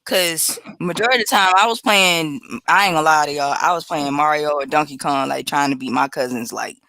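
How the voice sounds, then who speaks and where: Woman co-host, playful, bright voice, dry close sound. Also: deep voice, fairly quick, dry recording. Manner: chatty and playful, laughs often. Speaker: podcast co-host. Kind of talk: casual chat.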